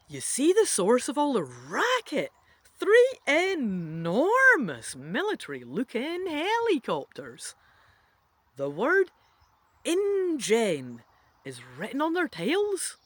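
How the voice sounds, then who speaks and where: A woman's voice: a little high, no room sound. A woman reading an interactive adventure book aloud, adding playful, chatty asides to the listener.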